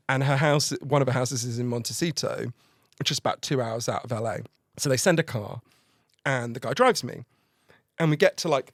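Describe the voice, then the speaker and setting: A man telling a long funny story as a podcast guest, excitable and laughing as he goes. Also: medium pitch, no room sound, clean studio sound. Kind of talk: animated anecdote telling.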